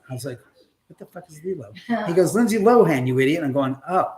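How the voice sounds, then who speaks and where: A man's voice: mid-range voice, brisk, a little mellow. A man hosting a live stream from his own house, telling a story in a chatty, casual way, acting out the voices of the people he quotes and swearing now and then.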